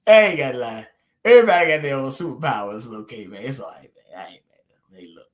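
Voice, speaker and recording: A man's voice: medium pitch, expressive, fast talker. Middle aged guy chatting easy, drawly storyteller, laughs a lot. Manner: laid-back, storytelling, laughs often, drawls. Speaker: host. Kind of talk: casual chat.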